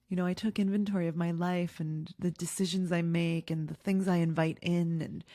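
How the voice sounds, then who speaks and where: A woman in her thirties shares a personal story candidly, filling pauses with ums and likes. Her voice sits low and mellow, recorded dry and close with no room sound. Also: dry recording. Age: 30s. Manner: candid and emotional, many fillers. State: tearful at times. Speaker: podcast host.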